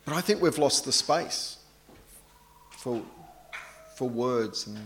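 A middle-aged man preaching a sermon in a relaxed, anecdotal way, poking fun at himself. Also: medium pitch, slow. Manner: conversational, anecdotal, self-deprecating.

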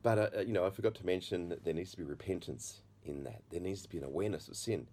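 A middle-aged man preaching, telling his own story in an earnest, halting way. His voice sits low and sounds warm and soft. He stops and restarts often, with plenty of fillers. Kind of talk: testimony sermon.

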